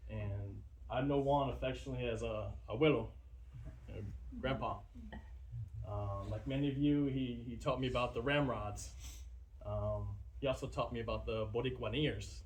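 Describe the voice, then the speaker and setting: A man who was a military recruiter giving a casual eulogy at a visitation, halting and full of fillers. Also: mid-range voice, a little hiss or hum, rough recording. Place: funeral visitation room.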